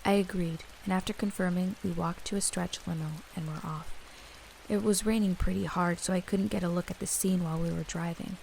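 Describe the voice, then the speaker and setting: Gravelly-voiced woman narrating a story. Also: on the low side, brisk, slight background noise, low-quality recording. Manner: steady storytelling read. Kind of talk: scripted first-person horror narration.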